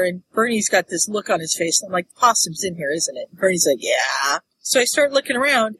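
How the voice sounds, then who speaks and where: Bright-voiced woman telling a story. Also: a little high, breathy edge, low-quality recording. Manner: animated storyteller, acts out voices. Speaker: podcast co-host. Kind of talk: casual chat, storytelling.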